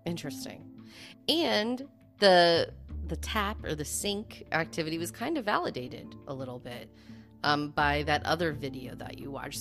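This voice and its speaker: A woman's voice: deep voice, fairly bright tone. A woman co-hosting a podcast, talking in a thoughtful, conversational way. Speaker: podcast co-host. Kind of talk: casual chat.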